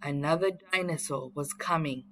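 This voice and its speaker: A woman reading a children's story aloud in a clear, expressive way. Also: deep voice, moderate pace, a little hiss or hum.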